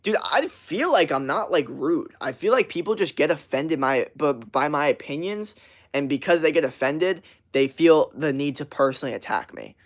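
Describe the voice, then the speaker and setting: A young man is live-streaming and chatting casually with his viewers, speaking to them directly in a profane rant with plenty of swearing. His voice is fairly high and expressive, and he talks at a moderate pace.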